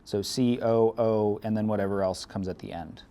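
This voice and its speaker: A man's voice: fairly low pitch, normal speed, mellow. A man teaching a chemistry lecture, explaining step by step in a casual way with dry sarcasm. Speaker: chemistry instructor. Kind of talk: classroom lecture.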